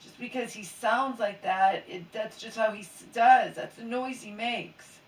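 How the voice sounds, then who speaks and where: A woman's voice: a little high, a little slow. A sleepy, mildly hungover woman venting in a rambling late-night chat that often sinks to a near whisper. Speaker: vlogger. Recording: roomy echo, mic at a distance, faint background hiss.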